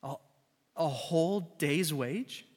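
Guy preaching a sermon, high bright voice, acts out the back-and-forth, big echoey church. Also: slow pace. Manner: animated storytelling, acting out dialogue. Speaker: pastor. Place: church sanctuary. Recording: large hall with music behind.

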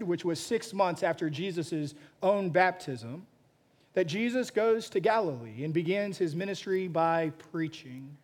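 A pastor preaching a sermon, telling a story with frequent restarts and repeated words. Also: male voice, fairly high pitch.

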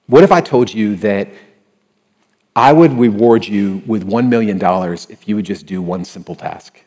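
Guy pastor doing a sermon, casual and animated, acts out bits of dialogue, trips over his words a lot. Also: on the low side, husky, long reverb tail. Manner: animated and conversational, acting out dialogue; frequent restarts and repeated words.

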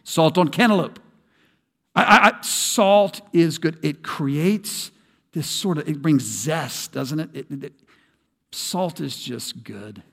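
A middle-aged man preaches from the pulpit with emphatic, animated delivery and homey asides. His voice sits a little high for a man. A long reverb from the big sanctuary trails behind every phrase. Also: slow, vocal fry. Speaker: pastor. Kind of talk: sermon. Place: large church sanctuary.

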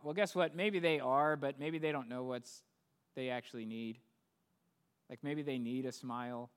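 A man's voice: fairly high pitch, fairly even intonation, moderate pace, smooth. A man preaching a sermon as pastor, talking conversationally and building to emphatic peaks. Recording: long hall reverb.

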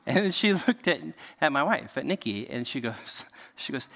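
A man in his thirties delivers a sermon with a bright, forceful voice that rises and falls a great deal. He talks in a conversational way and keeps asking his listeners "right?". A long reverb trails behind him, as in a large hall. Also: mid-range voice, slow, pauses often. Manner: conversational and animated, frequent "right?" asides. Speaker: pastor.

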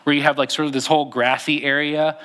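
A man's voice: on the high side, flat delivery, fast, sharp tone. A young man preaching a conversational sermon, with frequent fillers and restarts as he reads scripture aloud. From Texas. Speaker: pastor.

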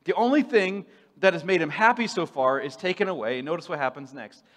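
A man preaching a sermon in a playful, animated way, swinging from loud bursts to hushed asides. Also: fairly high pitch, a little fast, long reverb tail.

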